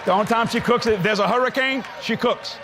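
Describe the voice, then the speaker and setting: A man's voice: extremely high pitch, fairly quick, crowd noise, background noise. A man preaching a sermon at a convention, telling funny stories with laughing asides. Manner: storytelling, laughing, lively asides. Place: convention hall.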